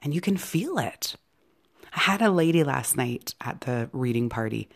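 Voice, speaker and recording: A woman hosting an inspirational podcast, talking in an encouraging way and often dropping into soft, whispery asides. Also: very deep voice, lively intonation, normal speed. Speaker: podcast host and psychic medium.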